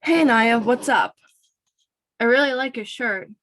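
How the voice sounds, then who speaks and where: A woman reading as a smooth-talking teenage boy. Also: a little high, unhurried, a bit bright. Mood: evasive.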